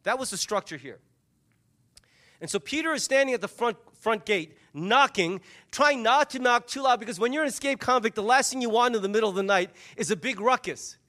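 Animated high-voiced male preacher. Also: a little fast. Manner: animated storytelling, acting out voices of the people in the story. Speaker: pastor. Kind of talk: sermon.

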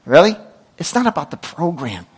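A middle-aged man preaching a sermon as pastor, telling stories with lively asides and quick self-corrections. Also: on the high side, husky, rough recording.

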